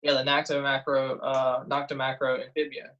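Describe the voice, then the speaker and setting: A man, a guest in a casual interview, telling lively stories and acting out quotes. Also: medium pitch, normal speed, dull audio. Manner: animated storyteller, acts out quotes, frequent "uh" and laughs. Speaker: guest diver and detectorist.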